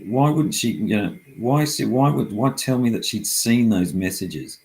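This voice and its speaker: A man's voice: medium pitch, animated, moderate pace, creaky, darkish tone, rough recording. A middle-aged man talking casually and heatedly, frustrated and swearing often as he rambles through his complaints.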